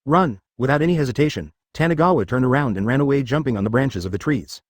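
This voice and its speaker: A man's voice: medium pitch, expressive, quick pace, dry recording, clean studio sound. A man narrating a translated ninja fan-fiction story in a scripted, synthetic-sounding read.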